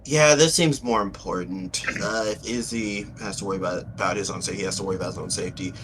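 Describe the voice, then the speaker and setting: Low bright-toned man, halting player. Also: slight background noise. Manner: halting, filler-heavy, thinking aloud. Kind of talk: tabletop role-play chat.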